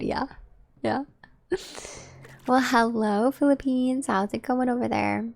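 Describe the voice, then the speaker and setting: A woman's voice: fairly high pitch, fairly even intonation, normal speed, gravelly, darkish tone, faint music behind. A woman live-streaming a game, chatting casually and directly with her viewers. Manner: chatty, talks straight to her chat.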